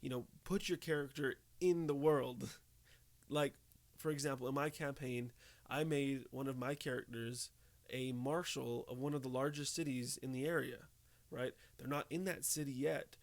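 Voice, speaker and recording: A young man talks through tips in a casual, conversational way. His pitch sits in a middle register. He keeps checking in with listeners as he goes. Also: steady tone, normal speed. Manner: conversational, often checks in with "okay?" and "right?". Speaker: tabletop game tips host. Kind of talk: casual tips talk to camera.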